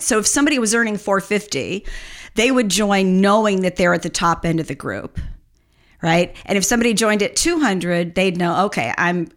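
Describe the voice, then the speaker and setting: Middle-aged woman consultant chatting on a podcast, candid, laughs a lot, voice jumps around. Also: on the low side. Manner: candid, animated, laughs often. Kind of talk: candid conversational interview.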